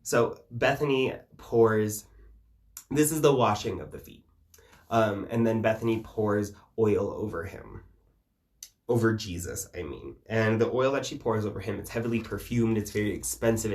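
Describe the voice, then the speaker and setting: A man's voice: fairly low pitch, normal speed. Irreverent, swearing man teaching casually. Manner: irreverent, profane, laughs often, many fillers. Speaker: folk magic vlogger. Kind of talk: casual spiritual teaching vlog.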